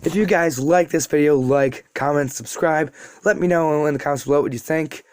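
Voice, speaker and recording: A YouTube storyteller casually rambles through a retold fan story, throwing self-deprecating asides to his viewers. His smooth voice is a little high at a moderate pace, and the studio sound is clean with no echo.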